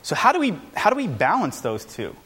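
A man giving an informal, energetic talk to a live audience as an entrepreneur, with punchy lines and self-deprecating asides. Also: high-pitched, a little fast, husky.

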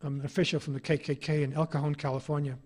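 A man's voice: fairly high pitch, little pitch movement, fast talker, darkish tone. A middle-aged man, an author giving an anecdotal public lecture, telling his stories with a wry, ironic edge.

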